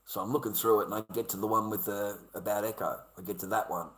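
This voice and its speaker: A man's voice: fairly low pitch, steady tone, fast, fairly bright tone. A middle-aged Australian man, a live streamer, angrily ranting in a combative, profane, repetitive way. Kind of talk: angry ranting monologue. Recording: echoey room.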